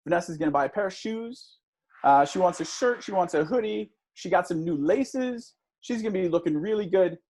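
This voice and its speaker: A man gives a motivational talk to a class, his pitch swinging up and down as he tells a story. His voice is a little husky, and he keeps pulling the listeners in with questions. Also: a little mellow. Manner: engaging, asks audience for shows of hands; storytelling with a conversational tone. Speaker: guest speaker.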